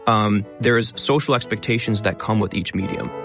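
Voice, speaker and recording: A man talking as a guest in a casual interview, explaining in a quick, eager way. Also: on the low side, gravelly, music in the background. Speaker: guest, linguist and educational video creator.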